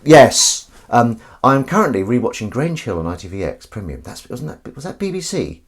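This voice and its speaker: A man's voice: medium pitch, big pitch swings, moderate pace, husky. A man hosting a casual livestream while washing up, punning and mocking himself as he chats to viewers. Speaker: livestream host. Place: home kitchen.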